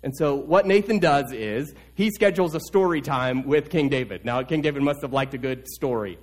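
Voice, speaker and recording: Animated male pastor telling a story. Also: mid-range voice, moderate pace. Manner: animated storytelling, repeats key words. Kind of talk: sermon.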